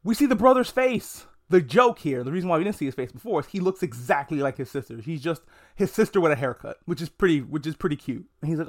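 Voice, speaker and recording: A man with a slightly high voice talks alone on a casual review podcast. He is frank and joking, and he swears freely. His speech is easygoing and off the cuff. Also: expressive, fast talker. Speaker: podcast host. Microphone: podcast mic.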